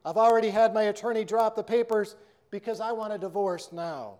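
A man's voice: sits high, fairly even intonation, fairly quick, a little mellow, lightly acted. A man voicing a cold, curt husband who is leaving his family, speaking abruptly and dismissively.

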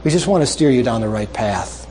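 A male preacher closing a sermon with a story, making earnest, repeated appeals and dropping soft and low for emphasis. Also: lively intonation, brisk, slight background noise.

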